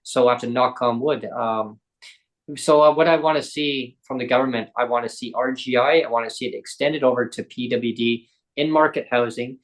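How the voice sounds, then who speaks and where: A man hosting a podcast, telling his own stories in an earnest, animated way. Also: medium pitch, moderate pace, rough recording. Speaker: podcast host. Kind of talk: casual podcast chat.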